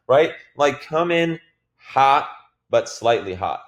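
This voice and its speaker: A man giving a casual, energetic sales training talk, swearing now and then and filling his speech with "like.". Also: medium pitch, moderate pace, reverberant.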